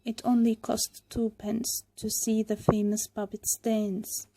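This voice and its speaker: A woman reading a storybook aloud to learners, clear and deliberate. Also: on the high side, little pitch movement, mellow, slight background noise.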